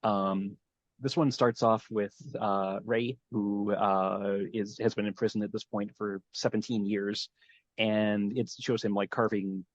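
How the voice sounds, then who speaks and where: A man with a lowish voice hosts a casual podcast, recapping a plot in a meandering way and thinking aloud as he goes. The sound is dull and lo-fi. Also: flat delivery, a little slow. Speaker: podcast host. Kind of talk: casual chat, episode recap.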